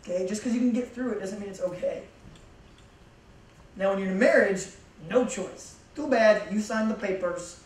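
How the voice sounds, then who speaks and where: A man's voice: high-pitched, normal speed, distant mic. Young man preaching in an echoey hall. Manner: casual, joking, emphatic. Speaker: youth pastor. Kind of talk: youth sermon. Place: church youth hall.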